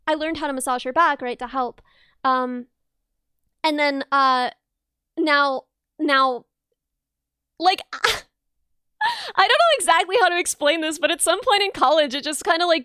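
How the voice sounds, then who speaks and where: Giggly high-voiced young woman streamer. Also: fairly bright tone, dry recording, clean studio sound. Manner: rambling, giggly, self-deprecating, lots of restarts. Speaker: VTuber streamer. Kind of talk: casual chat reading viewer messages.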